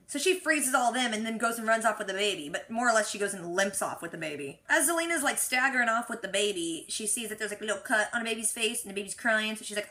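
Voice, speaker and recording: A woman's voice: a little high, expressive, fast talker, hardly any pauses, bright, forceful tone. A woman recapping a TV episode in a casual, chatty, frank and opinionated way, full of casual slang. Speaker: reaction vlogger.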